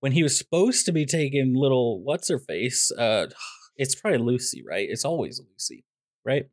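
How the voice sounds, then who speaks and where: A man co-hosts a movie podcast, talking at a middling pitch. He rambles and jokes, slipping into mock rants and silly asides. The sound is dry and close, with no room echo. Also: lively intonation, moderate pace. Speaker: podcast co-host reviewing a movie. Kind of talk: casual comedic review chat.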